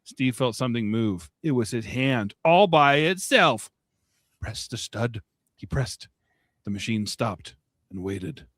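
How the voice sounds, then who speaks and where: Podcast guy reading a story out loud, plain delivery, middle pitch, dry mic. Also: animated, a little slow, no echo. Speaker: podcast co-reader. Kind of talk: reading a short story aloud.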